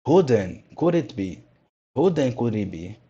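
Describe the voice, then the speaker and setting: A man's voice: mid-range voice, very animated, a little slow, warm tone, breathy edge, lo-fi sound. A man reading a jittery old carpenter. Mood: frightened. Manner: nervous, blustering. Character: old carpenter, frightened and stuttering.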